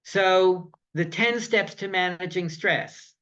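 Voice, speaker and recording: A man giving a caregiver workshop in a relaxed, conversational way, leaning on comic strips. His voice is high and bright. The recording is a little dull. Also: takes it slowly. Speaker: presenter on caregiver stress. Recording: slightly muffled recording.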